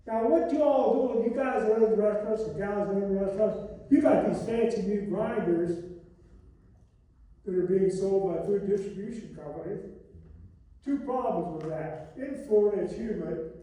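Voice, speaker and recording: A man's voice: sits high, mellow. An older man giving a live masterclass talk on restaurants, blunt and folksy, telling stories with salty asides. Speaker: restaurant expert speaker. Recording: echoey hall, speaker far from mic.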